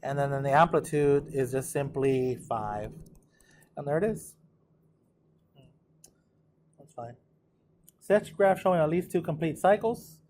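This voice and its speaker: A math teacher casually talks his students through exam problems in a recorded walkthrough, thinking aloud as he works. His voice is on the high side and a little mellow, and he's unhurried, pausing often.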